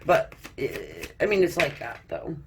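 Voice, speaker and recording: A woman reads tarot cards in a relaxed, chatty way. She laughs often, trips over her own words and swears freely. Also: deep voice, moderate pace, a little hiss or hum. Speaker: tarot reader. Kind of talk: casual tarot card reading.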